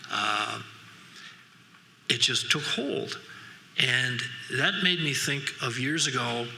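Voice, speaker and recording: A man's voice: mid-range voice, pushed and bright, a little hiss or hum. Folksy Midwestern man in a reverberant hall. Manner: folksy storytelling with frequent asides and restarts. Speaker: keynote speaker. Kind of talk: conference keynote talk. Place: large conference hall. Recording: long hall reverb from a conference room.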